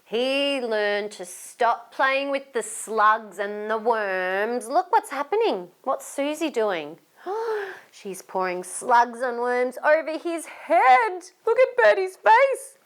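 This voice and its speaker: A woman with an Australian accent, a children's entertainer reading a picture book aloud, animated and asking young listeners to join in. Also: on the high side, slow pace, hardly any pauses. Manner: animated, asks young listeners questions and invites them to join in.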